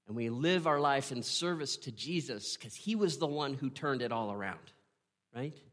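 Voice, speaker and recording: A man's voice: mid-range voice, lively intonation, fairly bright tone. Earnest man preaching a sermon. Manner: earnest storytelling, dramatic pauses, asks the listener "right?". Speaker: pastor.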